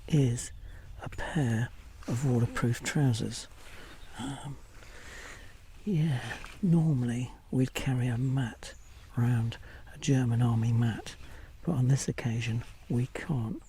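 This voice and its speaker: A man vlogging outdoors in a forest while hunting wildlife photos, often dropping to a hushed whisper, with many pauses and fillers. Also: mid-range voice, a little hiss or hum. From England. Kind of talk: casual outdoor vlog narration. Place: outdoors in a forest among bracken. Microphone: small handheld camera mic.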